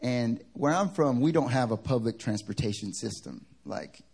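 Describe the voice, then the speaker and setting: A male pastor from the American South, preaching a sermon through funny personal stories, animated and joking. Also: medium pitch, normal speed, creaky, husky. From Southern United States. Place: church service.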